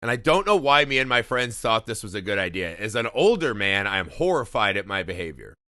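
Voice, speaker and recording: A man in his thirties from Indiana, co-hosting a podcast and telling a story in animated, profane casual chat. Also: fairly low pitch, brisk, no echo, studio quality. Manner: animated storytelling, heavy swearing, laughing. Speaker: podcast co-host.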